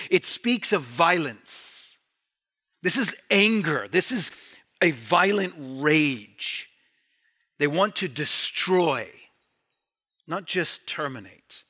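A man's voice: fairly high pitch, bright, forceful tone. A male pastor delivering a zealous, emphatic sermon. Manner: zealous, emphatic preaching with varied pace.

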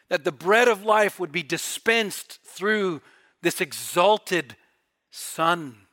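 A man preaching a sermon with fervent delivery, swelling loud and dropping to near-quiet. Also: high-pitched, expressive, very slow. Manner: fervent, rising and falling in volume.

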